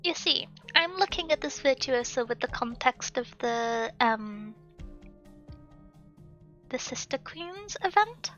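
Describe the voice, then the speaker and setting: A woman's voice: high-pitched, expressive, takes it slowly, fairly bright tone, muffled recording, faint music behind. A woman streamer reading through a game story live, adding playful, giggly commentary.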